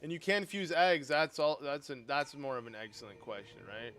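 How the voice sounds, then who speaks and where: A man streaming a game live, chatting casually with his viewers in an excitable, talkative way and laughing often. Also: on the high side, normal speed.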